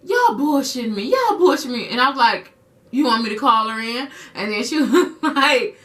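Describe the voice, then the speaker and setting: A young woman vlogger telling a personal story in casual chat, animated and acting out quotes in a high voice, slightly off-mic. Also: normal speed, far from the mic.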